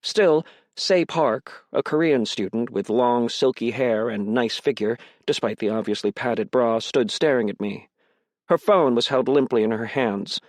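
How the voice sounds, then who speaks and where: Male narrator, audiobook reading, measured, tense, mid pitch, dry sound. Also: dry recording. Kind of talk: first-person audiobook narration.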